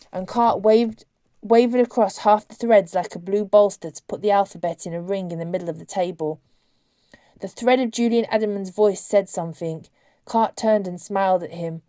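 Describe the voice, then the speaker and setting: A woman reading a novel aloud as narrator, in a measured, expressive storytelling manner. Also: medium pitch, no room sound. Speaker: audiobook narrator.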